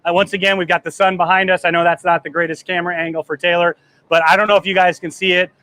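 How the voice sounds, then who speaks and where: A man in his thirties hosting a live travel vlog from the deck of a cruise ship, excited and emotional, his voice trembling and choking up as he rambles. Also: high-pitched, fast. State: trembling, choked up. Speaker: travel agency host.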